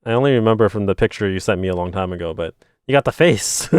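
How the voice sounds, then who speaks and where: A man's voice: quick pace, smooth, no room sound, clean studio sound. A man in his twenties chatting casually with viewers while building a model kit, telling stories and mimicking his friends. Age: 20s. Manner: animated storytelling, imitating friends in a higher voice, swearing. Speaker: streamer.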